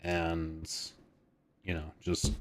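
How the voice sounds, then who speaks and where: A man's voice: deep voice, completely flat delivery, extremely slow, slight background noise. A man in his thirties chatting casually on a live stream, rambling, laid-back and swearing freely. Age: 30s.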